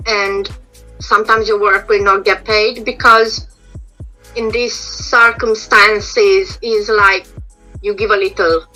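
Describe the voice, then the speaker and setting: A woman's voice: mid-range voice, fairly even intonation, slow pace, long pauses, bright, forceful tone, faint music behind, poor audio. A middle-aged woman, a makeup and prosthetic artist, giving frank, explanatory advice in an interview over a video call, her voice a bit strained as she is losing it. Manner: explanatory, frank, restarts phrases. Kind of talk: casual interview answers.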